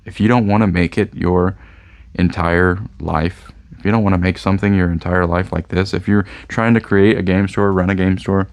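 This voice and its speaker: A man with a low, smooth voice talks loosely about running his game store. His monologue wanders and keeps circling back to "I don't know" asides. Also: steady tone, moderate pace. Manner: rambling, often trails off with "I don't know". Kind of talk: casual rambling video monologue.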